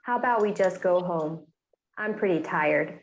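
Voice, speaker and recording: A woman's voice: fairly low pitch, a little slow, roomy sound. A woman playing an easygoing speaker in a scripted textbook dialogue, with a plain, matter-of-fact delivery.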